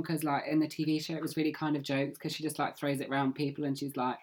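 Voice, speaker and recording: A woman recapping a film plot in a relaxed way, with many fillers. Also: low-pitched, fast talker. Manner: relaxed storyteller, lots of fillers.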